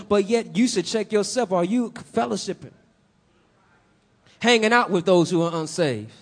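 A man preaching a sermon, building emphasis in swells and putting questions to the congregation. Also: high voice.

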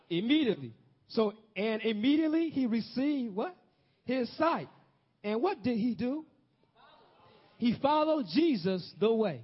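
A man preaching a sermon, questioning the congregation and rising to shouts. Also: very high-pitched, sing-song, a little slow, long pauses, husky, dull audio.

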